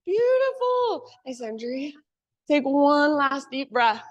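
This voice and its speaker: A woman teacher guiding a live yoga class with calm, encouraging cues. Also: high voice, slow pace, no echo.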